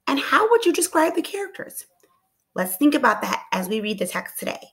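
A woman teacher reading a storybook aloud to children, expressive and asking them encouraging questions. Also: sits high, brisk. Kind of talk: storybook read-aloud lesson.

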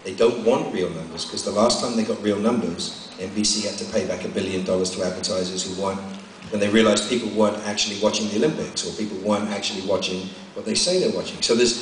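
A man's voice: on the low side, fast talker, slight background noise. A man with a British accent, speaking wryly on a convention panel. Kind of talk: casual panel chat. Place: large convention hall. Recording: echoey hall from far off.

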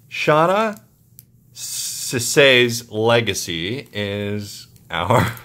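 Excitable man opening card packs. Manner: excitable, muttering asides, jumpy pitch. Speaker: card-opening channel host. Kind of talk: casual pack-opening commentary.

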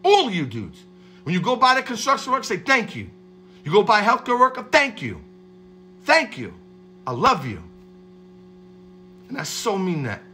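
A man hosting a livestream, giving a streetwise motivational pep talk and shouting out viewers by name. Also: high voice, wildly swooping pitch, moderate pace, pauses often. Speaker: livestream host.

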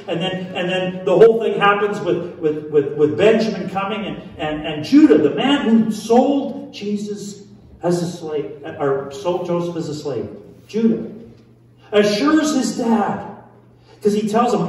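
A man's voice: high voice, lively intonation, unhurried, a little mellow. Echoey male preacher, distant mic. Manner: conversational preaching with many restarts and rhetorical questions. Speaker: pastor. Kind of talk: sermon. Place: large church hall. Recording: echoey church hall from far off.

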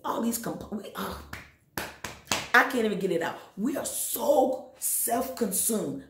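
A woman teaching Sunday school in an emphatic preaching style, talking straight to her listeners and breaking into sudden high exhortations. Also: sing-song, measured pace, roomy sound. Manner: addresses listeners directly. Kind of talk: sermon.

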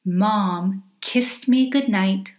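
Slow, expressive woman reading a storybook. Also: medium pitch, roomy sound. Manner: gentle, deliberate, expressive read-aloud. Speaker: author reading her picture book. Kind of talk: slow storybook narration for children.

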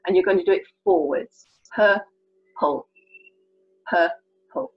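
In this children's signing lesson, a British woman from England shows young learners how to sign colours, keeping things chatty, playful and encouraging. She speaks at a slow pace in a husky, medium-pitched voice. The sound is lo-fi with faint music behind her.

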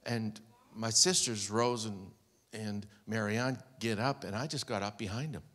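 A man's voice: lowish voice, steady tone, a little slow, a bit bright, slight background noise. A man preaching a sermon as pastor, telling a personal story with heartfelt, quoted speech. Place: large church hall. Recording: long church hall reverb.

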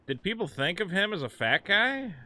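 A man's voice: high-pitched, sing-song, moderate pace, pushed and bright. A man streaming a video game, chatting casually, rambling and swearing, and scolding his cat. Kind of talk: casual live gaming stream chat.

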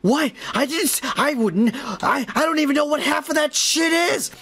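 A man doing a frantic young guy who stammers and protests that he never said a thing. The voice jumps well above a normal speaking pitch and sounds rattled. It is a quick, tossed-off bit of play-acting. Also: pushed and bright, heavily acted. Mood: flustered. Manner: high, flustered, stammering.

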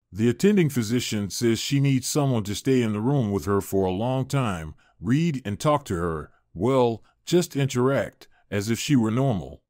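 A man's voice: mid-range voice, darkish tone, no room sound, studio quality, close to an everyday voice. A man voicing an arrogant, unfaithful wealthy businessman who speaks curtly. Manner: curt and arrogant.

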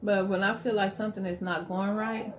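A woman's voice: medium pitch, fairly even intonation, fairly quick, slight background noise. Candid middle-aged woman hosting an eating show. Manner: candid, emphatic storytelling. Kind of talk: casual chat while eating.

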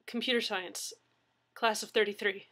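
A woman's voice: mid-range voice, steady tone, normal speed, bright, forceful tone. A woman voicing a frightened young man who stammers and trips over his words in an audiobook reading. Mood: shaken. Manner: stammering, shaky. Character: frightened young man, injured college graduate.

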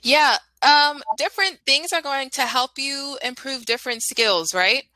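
American woman, English teacher on a video call; bright voice, dry close sound, clear patient explanations. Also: high voice, a little slow, no echo, low-quality recording. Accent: General American. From Washington, D.C., United States. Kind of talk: online English lesson.

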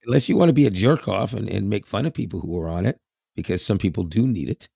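A man's voice: on the low side, fast, vocal fry, mellow, slightly rough, no room sound, clean studio sound. A Canadian man in his fifties with a Canadian accent, co-hosting a podcast in casual, rambling chat with frequent laughs. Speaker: podcast co-host.

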